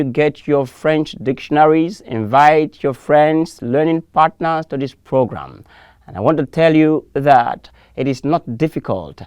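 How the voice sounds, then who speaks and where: A man's voice: a little high, a little mellow, smooth, dry recording. A man teaching a televised French lesson, drilling words through repetition and call and response.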